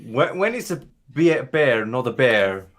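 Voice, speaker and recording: A man's voice: medium pitch, very animated, measured pace, a bit bright. A man telling puns in casual banter, hesitant and full of fillers.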